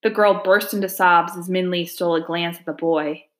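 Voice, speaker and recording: A woman reading a children's folk-tale novel aloud, calm and measured with hushed suspense. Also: on the low side. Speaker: audiobook narrator. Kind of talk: storybook narration.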